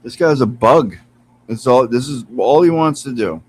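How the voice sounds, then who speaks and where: A man's voice: medium pitch, animated, moderate pace, husky, rough recording. A man streaming casually from home, chatting with viewers, laughing often and cooing at his cat, sitting some way from his computer mic. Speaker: live streamer. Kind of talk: casual live-stream chat. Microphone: computer mic some distance away.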